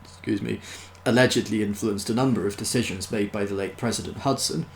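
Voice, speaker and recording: Man, novel read aloud, unhurried, dry, gravelly, faint background hiss. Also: on the low side. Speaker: storyteller.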